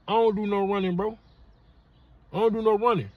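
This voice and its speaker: Middle-aged male podcast host; husky, blunt, profane street monologue. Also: high voice, expressive, moderate pace, long pauses, dry recording, highs cut off. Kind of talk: casual monologue.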